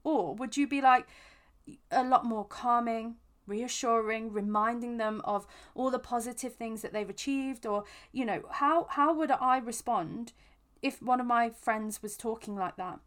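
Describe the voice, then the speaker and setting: A woman hosting a podcast, giving reflective self-help advice in an earnest, gentle way with frequent restarts. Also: fairly high pitch, unhurried. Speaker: podcast host.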